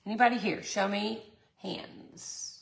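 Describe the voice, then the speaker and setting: Middle-aged woman hosting a craft tutorial; slow, chatty, with a gravelly voice. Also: mid-range voice, fairly even intonation. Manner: chatty, laughs often, talks to viewers. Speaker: resin art tutorial host. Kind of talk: casual livestream craft tutorial.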